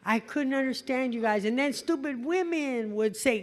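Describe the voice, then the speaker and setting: At an AA meeting, a middle-aged California woman stands before a meeting-hall audience and tells her story bluntly, swearing and poking fun at herself. Her high-pitched voice moves at normal speed with few pauses, and a faint crowd can be heard.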